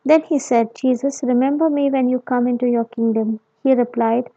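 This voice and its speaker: A woman reads scripture aloud at a steady, measured pace. Her voice sits fairly high and sounds mellow. The recording is dry and dull, with a lo-fi sound. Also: no echo. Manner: steady, measured reading with small self-corrections. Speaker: scripture reader. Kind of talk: Bible reading.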